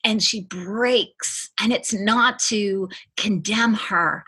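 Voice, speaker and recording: A woman's voice: medium pitch, takes it slowly, few pauses, bright, forceful tone, husky. A woman giving an emotional faith testimony as a guest, earnest and fervent, repeating her phrases for emphasis.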